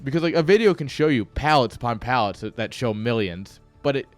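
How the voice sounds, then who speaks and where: Here a man casts a strategy game live, his medium-pitched voice expressive and fairly quick, with no room sound and faint music in the background. As an esports caster, he rambles off-topic, slips in joking asides and laughs at himself.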